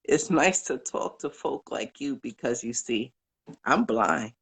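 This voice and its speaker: A man calling in to recite poems from memory, earnest and unhurried, pausing with fillers between verses. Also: mid-range voice, lively intonation, gravelly, a bit bright, breathy edge. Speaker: caller.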